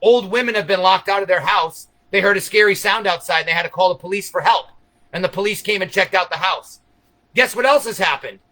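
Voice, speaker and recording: Male streamer, high bright voice, profane conspiratorial rambling monologue to viewers. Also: a little fast, rough recording. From United States. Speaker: livestream host.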